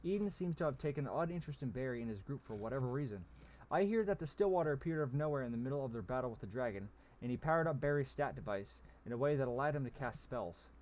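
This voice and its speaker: A man's voice: medium pitch, expressive, quick pace, darkish tone, lightly acted. Cool, guarded woman mage, voiced by a man, dry and matter-of-fact, storybook read-aloud.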